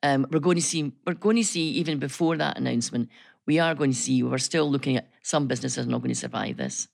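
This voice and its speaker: A middle-aged Scottish woman with a low voice and a gravelly edge, chatting as a radio guest. She tells her stories in a lively, talkative way, often restarting her sentences. The studio sound is dry and close. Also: fast, no echo. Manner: animated storyteller, chatty, many restarts. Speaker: business chamber chief executive, guest. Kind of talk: casual radio chat.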